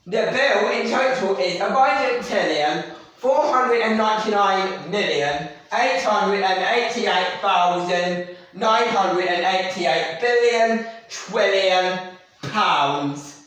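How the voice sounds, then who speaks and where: A man's voice: sits high, slow pace, fairly bright tone. A man animatedly telling a rambling story about himself in the third person, filmed by someone else. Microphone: camera filmed by someone else. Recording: very echoey room, mic far off.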